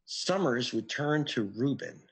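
A man answering interview questions as an investigative reporter, telling his story in an earnest, animated way. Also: unhurried, breathy edge. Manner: earnest, animated storytelling with sudden pitch jumps.

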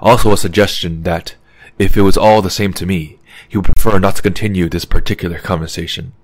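Male audiobook narrator, lowish voice, steady, close and dry. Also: fairly quick, dry recording.

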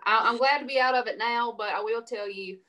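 Slow-drawling Louisiana woman. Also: on the high side, pushed and bright. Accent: Southern US, Louisiana. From Louisiana, USA. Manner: slow drawl, stretching words with extra syllables. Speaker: country singer guest. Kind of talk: casual radio interview chat.

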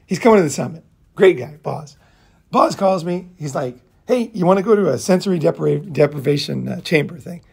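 With a fairly high, creaky voice that's a little mellow and has a breathy edge, a middle-aged man hosts a podcast. His casual monologue wanders from story to story, full of filler words and profanity.

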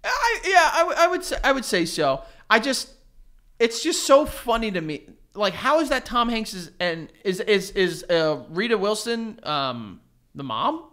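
Podcast co-host, male, high bouncy voice, goofy banter. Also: measured pace. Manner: jokey, animated, slips into silly voices. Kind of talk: casual banter.

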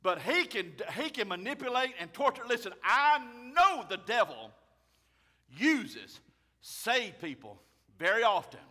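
A man, a pastor preaching a fiery sermon loudly and emphatically. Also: extremely high pitch, big pitch swings, measured pace. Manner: loud, emphatic, raises his voice.

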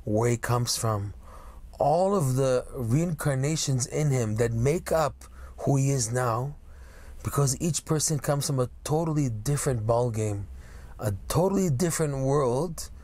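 A man's voice: medium pitch, a little mellow, no echo. A man teaching a religious lesson, explaining ideas step by step and checking in with "right?" and "okay?". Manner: explanatory, stretches key words slowly, asks "okay?" and "right?". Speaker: rabbi teaching Torah lesson.

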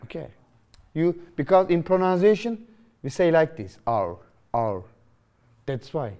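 Guy with teaching a grammar class, fairly high voice, jumps around a lot in pitch, keeps asking "you understand?". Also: normal speed. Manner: lively, questioning, repeats phrases to students. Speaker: English teacher.

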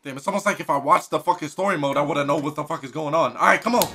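A man streaming a video game, joking loudly, swearing and shouting his reactions. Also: a little high, racing, breathy edge. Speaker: gaming streamer. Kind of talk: comedic live game commentary.

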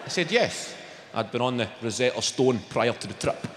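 A man with a Glaswegian accent doing stand-up, swearing and bantering with the crowd in animated bursts. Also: mid-range voice, moderate pace. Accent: Scottish, Glaswegian. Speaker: stand-up comedian. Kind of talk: stand-up routine. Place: large indoor comedy venue. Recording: echoey live venue, loud audience noise. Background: audience laughter.

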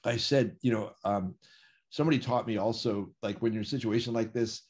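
A man telling a personal story in a relaxed, anecdotal way, acting out the dialogue of the people in it. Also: on the low side, a little fast. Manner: vivid anecdotal storytelling, acts out dialogue with quoted voices. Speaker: interview guest. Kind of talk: casual storytelling.

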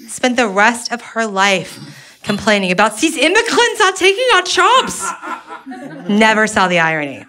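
A woman doing stand-up comedy, telling a story in a sarcastic, animated way into a handheld mic on a club stage. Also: mid-range voice. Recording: live audience laughing around.

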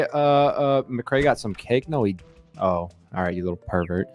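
This is an excitable young man hosting a live game stream. He chats fast and loosely, jumping between the game and his viewers. There is faint music under his voice. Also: medium pitch, smooth. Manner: excitable, chatty, greets viewers rapidly. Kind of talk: casual live-stream chat.

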